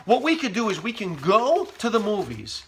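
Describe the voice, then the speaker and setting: A man's voice: high-pitched, moderate pace, a little hiss or hum. A middle-aged man delivering a sarcastic, humorous rant, often mocking people in quoted asides. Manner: sarcastic, animated, mock quotes. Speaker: commentator.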